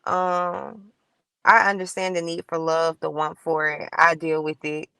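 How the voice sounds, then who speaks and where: A woman's voice: sits low, little pitch movement, measured pace, bright, forceful tone, clear, resonant tone, dry recording. A woman co-hosting a podcast, talking in an earnest, preachy way and quoting scripture. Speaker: podcast co-host. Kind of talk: casual podcast talk.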